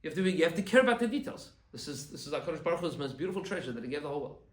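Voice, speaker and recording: A man, a rabbi, giving an animated Torah class and acting out quoted complaints. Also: a little high, very fast, roomy sound.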